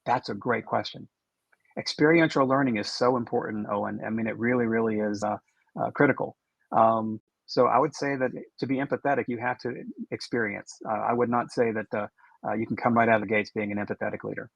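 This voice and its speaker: A man's voice: fairly low pitch, fairly even intonation, a little fast, gravelly, dry recording, muffled recording. A man moderating a conference talk and running the questions, speaking steadily with frequent restarts and ums. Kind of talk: conference talk over video.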